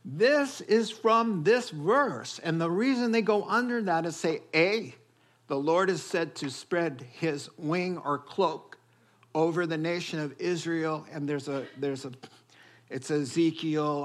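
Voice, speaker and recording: A man preaching a sermon, telling stories and acting out quoted voices in an animated way. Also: fairly high pitch, takes it slowly. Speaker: pastor.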